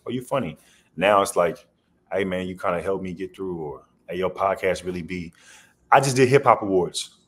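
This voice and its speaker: A man's voice: low voice, moderate pace, a bit bright. A man guest on a podcast, telling rambling stories in a loose, slangy way. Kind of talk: casual storytelling interview.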